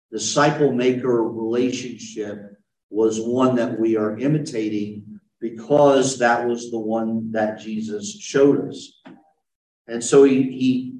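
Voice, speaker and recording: A man's voice: medium pitch, darkish tone. A man who is a pastor, leading a conversational Bible study with a group and answering their questions as he explains. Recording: roomy, mic far from speaker.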